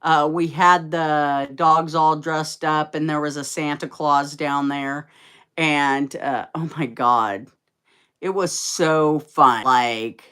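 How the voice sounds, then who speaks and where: A woman hosting a casual livestream from home, chatting in a rambling, easygoing way and cooing at her dogs in a high baby-talk voice. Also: fairly bright tone, clean tone. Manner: chatty and rambling, with fillers and laughs. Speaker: livestream host. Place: at home indoors.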